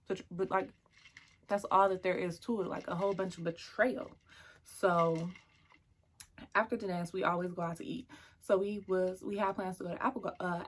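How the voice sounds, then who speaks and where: A young woman telling a personal story in casual, chatty vlog style, lively and slipping into whispered asides. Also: fairly low pitch.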